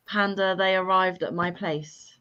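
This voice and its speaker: A woman's voice: mid-range voice, steady tone, measured pace, pushed and bright, clean tone, muffled recording. A woman hosting a casual livestream chat, reading viewer comments aloud and joking at her own expense. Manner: self-deprecating, laughs often. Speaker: livestream host.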